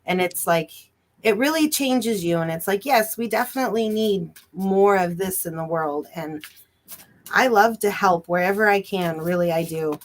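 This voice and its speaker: A woman's voice: medium pitch, normal speed, a little hiss or hum. A woman giving a psychic reading on a live stream, reassuring and emphatic, stretching out her phrases. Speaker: psychic reader.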